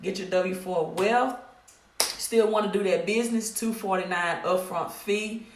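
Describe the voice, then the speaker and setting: A middle-aged woman with a Mississippi accent talks straight to her viewers on a live stream. Her manner is direct and a little scolding, and she circles back over the same points. Her voice sits in a middle pitch and carries a clear echo from the room. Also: unhurried, background noise. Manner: direct, scolding, repeats herself. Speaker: credit repair business owner hosting a live stream. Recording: echoey room.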